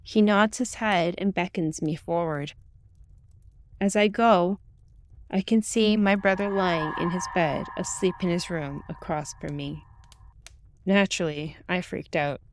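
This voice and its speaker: A woman reading a true ghost story aloud in the first person, with calm, steady storytelling. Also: on the low side, a little slow, a little hiss or hum. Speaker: narrator. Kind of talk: scripted ghost story narration.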